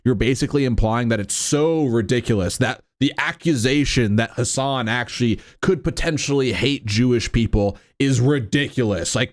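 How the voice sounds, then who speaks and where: A man's voice: mid-range voice, moderate pace, hardly any pauses. A man hosting a reaction commentary, talking in an incredulous, sarcastic way and leaning on "right?" and "like" between points. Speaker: commentary host.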